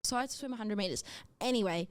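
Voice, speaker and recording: A woman's voice: medium pitch, very fast, clean tone, no room sound. An Australian woman in her twenties chatting casually as a podcast co-host, telling self-deprecating stories and laughing often. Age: 20s. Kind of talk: casual chat.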